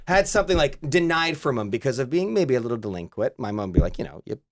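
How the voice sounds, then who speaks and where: A man from Canada, a guest comedian telling a story in casual chat, animated and slipping into voices. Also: medium pitch, fast talker. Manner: animated, jumps into character voices.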